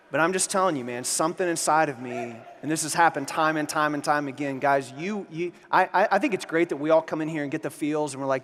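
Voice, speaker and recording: High-voiced preacher in a big reverberant hall. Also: male voice, quick pace, hardly any pauses. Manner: animated, acts out quotes, laughs along with the crowd. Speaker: conference speaker. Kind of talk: energetic storytelling sermon. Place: large conference hall. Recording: long hall reverb, faint noise.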